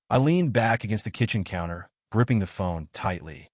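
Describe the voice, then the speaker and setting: Expressive low-voiced male story narrator. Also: moderate pace, dry recording, clean studio sound. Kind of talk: scripted first-person story narration.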